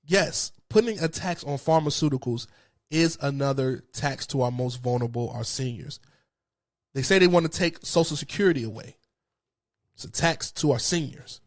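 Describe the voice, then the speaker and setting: A man's voice: mid-range voice, normal speed. A man hosting his own show, giving a passionate, frustrated political commentary. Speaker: host.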